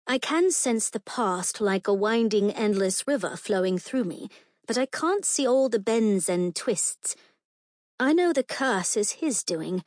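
A woman's voice: medium pitch, darkish tone, dry recording. A woman narrating a fantasy audiobook in the first person, with an earnest, emotional storytelling manner, recorded close and dry.

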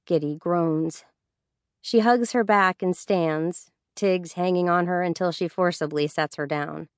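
An audiobook narrator reads scripted narration in a steady, even manner, a little slowly. Her voice is fairly low for a woman, and the recording is dry and close with no room sound.

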